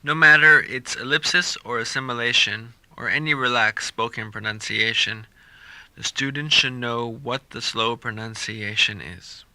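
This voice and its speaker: A man reading a scripted English listening-practice lesson, saying example sentences slowly and deliberately for learners to repeat. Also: medium pitch, bright, forceful tone, no room sound. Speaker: English pronunciation teacher.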